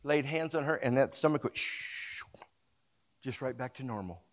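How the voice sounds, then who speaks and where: In a large hall, a male pastor with a mid-range voice preaches fast, telling a story in hushed tones and then exhorting loudly and emphatically. He has the congregation repeat words after him.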